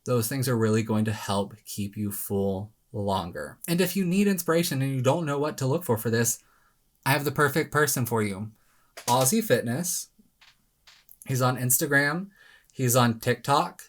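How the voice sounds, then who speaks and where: A man giving casual weight-loss advice straight to camera, animated and self-mocking, with sudden dramatic jumps in pitch. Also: moderate pace.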